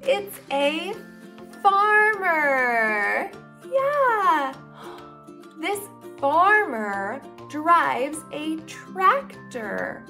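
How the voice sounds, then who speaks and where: A young woman hosting a children's learning video, talking in a slow, exaggerated, encouraging sing-song for toddlers. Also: sits high, very animated, bright, forceful tone, faint music behind. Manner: exaggerated, encouraging, drawn-out words. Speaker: children's educational video host.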